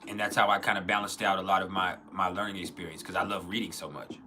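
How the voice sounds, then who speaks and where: A man's voice: low-pitched, flat delivery, quick pace, noisy background. A man hosting a casual livestream, rambling, often restarting his sentences and reading out chat comments. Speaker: livestream host.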